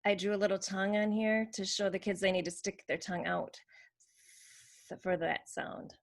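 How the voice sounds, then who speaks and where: A woman's voice: medium pitch, fairly even intonation, fast. A woman teaching how to make speech sounds, explaining patiently and demonstrating each sound. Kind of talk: slow instructional demonstration.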